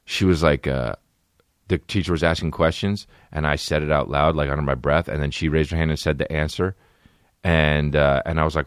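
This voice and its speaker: Young guy podcast host, low voice, swears a lot, rambles and jumps around, dry sound. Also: a little fast, clean tone, dry recording. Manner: rambling, profane, animated bursts. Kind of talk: casual comedic storytelling.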